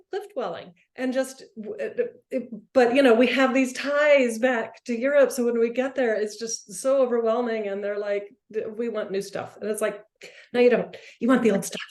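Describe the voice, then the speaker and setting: An American woman hosting an interview, speaking in a halting way with frequent restarts. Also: on the high side, darkish tone, reverberant. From United States, lives in Arizona. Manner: halting, many restarts and repeated words. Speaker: interview host. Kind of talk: casual interview conversation.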